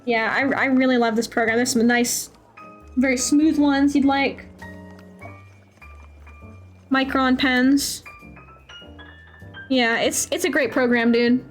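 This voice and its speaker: A woman streamer chatting casually and enthusiastically while demoing art software, often saying "dude.". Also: sits high, fairly even intonation, slow, long pauses, soft background music. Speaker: streamer, host.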